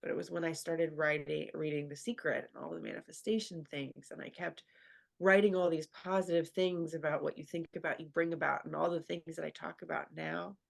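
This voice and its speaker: Her voice is low and steady, a little fast, with some creak. She's an earnest guest on a radio program giving a candid personal interview, and she fills her sentences with filler words, frequently "like."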